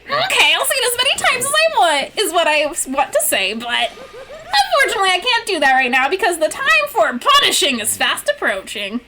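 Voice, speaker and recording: A woman's voice: extremely high pitch, huge pitch swings, a little fast, very noisy, heavily acted. A woman voicing a gleeful, sadistic male bear mascot with a mocking, sing-song manner, read aloud over a video game. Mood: gleeful taunting.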